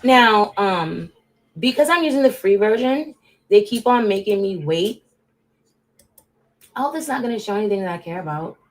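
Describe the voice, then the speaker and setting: A woman's voice: mid-range voice, animated, normal speed, long pauses. Casual woman livestreamer, rambling and talkative, addressing chat directly, volume jumping between bursts and mutters. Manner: rambling, chatty, talks straight to chat viewers; drifts between loud bursts and muttered asides. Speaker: livestream host.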